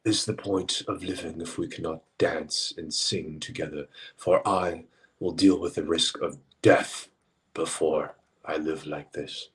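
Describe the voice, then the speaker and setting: A man's voice: low-pitched, steady tone, measured pace, a bit bright, slightly rough, recorded from a distance, voice pushed down, exaggerated voice. A man putting on a grandly poetic, romantic speaker with a theatrical mock British accent, in a casual podcast chat.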